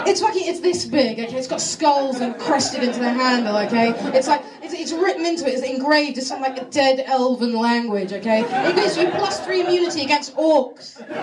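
A high-voiced woman from near London telling a stand-up story in a small club, exasperated and full of quick asides. Her voice carries an echo and comes from a distance. Loud crowd laughter breaks in around her. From near London, England. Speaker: stand-up comedian. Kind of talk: stand-up comedy set.

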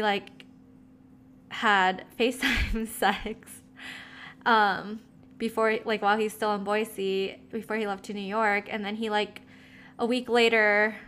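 A young woman with a bright, clear voice tells a long personal story. She talks in a loose, gossipy way, full of fillers and swearing, as if chatting with a friend. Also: mid-range voice, a little hiss or hum. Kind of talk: casual chat.

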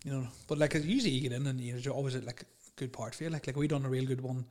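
Man, casual storyteller, quick rambling delivery, middle pitch. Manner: rambling animated storyteller, laughs often, swears. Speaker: podcast guest telling stories. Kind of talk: casual chat.

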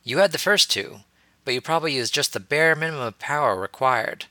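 A man's voice: fairly high pitch, animated, fairly quick, pushed and bright, dry recording, pitched above the performer's own voice. A man voicing a playful, teasing young male wizard teacher, amused as he explains. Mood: teaching.

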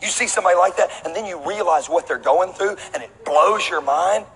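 A middle-aged man preaching with a bright, forceful voice and a slightly raised pitch. He tells stories in an animated way and calls out to the congregation. His voice rings with long reverb through a large church hall, with faint noise behind it. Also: brisk. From Texas. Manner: animated storytelling preacher with call-and-response asides. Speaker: pastor. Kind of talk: sermon.

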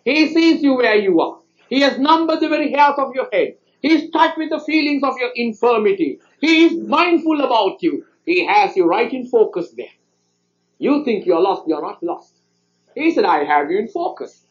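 A pastor with a notably high voice tells a personal story from the pulpit. He builds it through repeated, emphatic phrasing. The recording sounds dull and lo-fi. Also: expressive, normal speed. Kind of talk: sermon storytelling.

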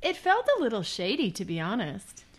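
A woman joining a podcast as a guest, giving short, calm replies. Her voice sits at an ordinary pitch for a woman. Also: brisk, breathy edge. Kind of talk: casual chat.

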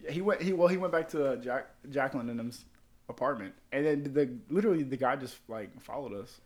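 A man's voice: mid-range voice, animated, a little fast. A young man telling rambling, profane stories to friends in a casual chat, laughing at his own jokes.

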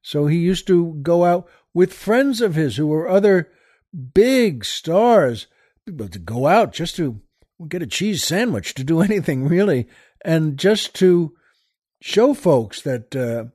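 Higher-voiced man telling a story. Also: big pitch swings, no room sound, studio quality. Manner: leisurely, retells a film scene with hushed pauses. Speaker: podcast host. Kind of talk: casual storytelling monologue.

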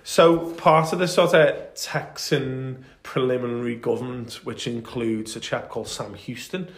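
A man's voice: medium pitch, steady tone, measured pace. A man in the middle of his range recounts battles with eager, rambling enthusiasm, dotting his talk with ums. His voice rings a little in an echoey room. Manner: enthusiastic storytelling with many fillers. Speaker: podcast co-host. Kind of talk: casual history chat.

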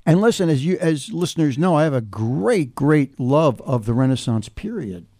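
Older man musing in a mellow voice. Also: a little high, expressive, moderate pace. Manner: thoughtful, meandering storytelling with frequent restarts. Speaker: podcast host. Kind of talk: casual reflective chat.

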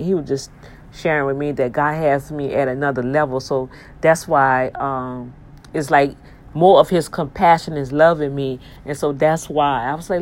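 A woman's voice: very deep voice, darkish tone, a little hiss or hum. A woman hosting her online radio show, thanking listeners in an effusive, preachy manner full of praise-God exclamations. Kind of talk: casual talk with listener shout-outs.

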